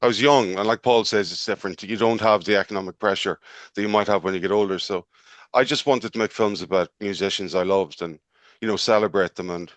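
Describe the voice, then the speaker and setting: A man's voice: lowish voice, fairly even intonation, a little fast, dry recording. A man, a filmmaker guest, answering questions in a hesitant, modest way. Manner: hesitant, modest, lots of ums. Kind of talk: interview answers.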